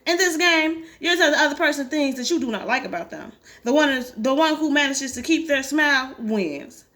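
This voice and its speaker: A woman reading a calm group therapist. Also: high voice, fairly quick.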